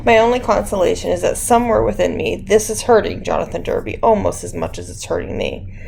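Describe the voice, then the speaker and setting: A woman narrating an audiobook in a measured, dramatic way. Her voice has a creaky, gravelly texture at a middle pitch. Faint noise sits underneath. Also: animated, a little mellow, poor audio. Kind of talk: scripted narration.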